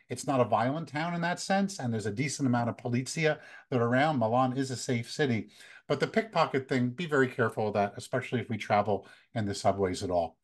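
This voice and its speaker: An American man in his fifties, a photography workshop leader, giving relaxed, conversational travel tips with many fillers. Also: medium pitch. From United States. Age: 50s. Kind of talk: casual talk, practical travel tips.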